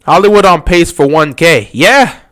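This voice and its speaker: A man's voice: fairly high pitch, lively intonation, moderate pace, a bit bright. A man hosting a casual live stream, talking over a football game and mocking upset fans with whiny impressions.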